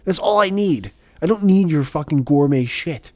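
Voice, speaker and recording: A man's voice: fairly high pitch, moderate pace, dry recording, studio quality. A man hosting a podcast in casual chat, ranting with lots of swearing and laughter. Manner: profane, animated ranting with frequent laughs. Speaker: podcast host.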